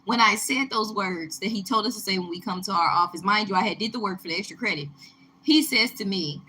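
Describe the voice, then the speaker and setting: Young woman from Texas, personal storyteller; bright, emphatic delivery, light noise bed. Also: medium pitch, a little fast, low-quality recording. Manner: emphatic, animated retelling with rising indignation. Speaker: vlogger.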